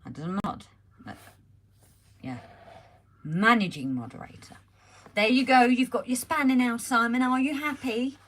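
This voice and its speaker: A woman hosting a casual home live stream, chatty and greeting viewers by name, her voice slightly croaky as she recovers from being ill, talking into a phone on a holder. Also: on the high side, lively intonation, unhurried, long pauses, a bit bright. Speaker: livestream host.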